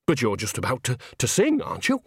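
A man's voice: medium pitch, huge pitch swings, fast, breathy edge, dry recording, studio quality, heavily acted. A man voicing a fretful male opera house manager who moans and fusses in a raised voice. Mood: dismayed. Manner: moaning, flustered.

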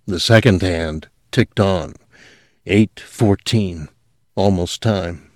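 A man reading a story aloud as narrator, measured and steady, dropping quiet at moments. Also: sits low, no echo, studio quality. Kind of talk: audiobook narration.

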